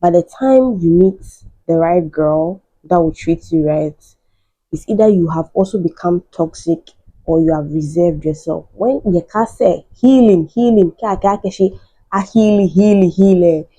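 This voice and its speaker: A woman hosting a podcast, telling a story and giving her opinions in an animated, mocking way, often laughing. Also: on the low side, a little slow, highs cut off. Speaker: podcast host.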